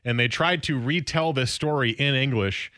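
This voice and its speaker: A man's voice: medium pitch, moderate pace, bright, forceful tone, no echo. A man co-hosting a radio show, chatting casually and reading a clumsy story aloud with dry amusement.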